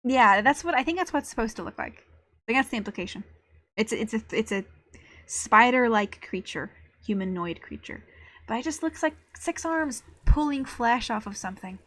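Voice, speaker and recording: A woman streaming a video game, reacting with excitable, swear-filled casual commentary. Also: a little high, normal speed, no echo.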